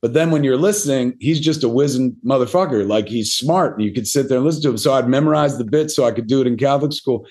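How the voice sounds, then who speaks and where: A middle-aged man spins loose, rambling anecdotes as a podcast guest, swearing freely and leaning on fillers. His delivery is casual and self-mocking, and his voice sits at an ordinary male pitch. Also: fast, hardly any pauses, a little mellow. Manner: self-deprecating. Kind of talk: casual storytelling interview.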